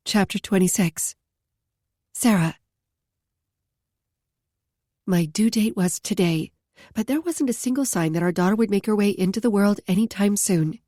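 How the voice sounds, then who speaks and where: A woman narrating a first-person romance audiobook in a calm, steady way. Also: medium pitch, a little slow, pauses often, no echo, clean studio sound.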